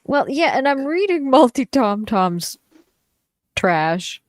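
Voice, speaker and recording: A woman's voice: high-pitched, sing-song, slow pace, no echo. A woman co-hosting a live stream, ranting with indignant, profane emphasis. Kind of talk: angry live stream rant.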